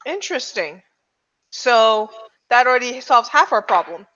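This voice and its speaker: Female player, chatty and laughing; bright, slightly high voice, muffled audio. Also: very animated, measured pace. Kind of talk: tabletop game chat.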